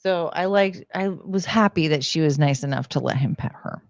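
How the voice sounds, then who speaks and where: A woman's voice: low voice, normal speed, dry recording. Rambling woman streamer, dull dry sound. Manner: rambling, heavy use of "like" and "um". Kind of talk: casual stream chat. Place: at home. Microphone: desk microphone.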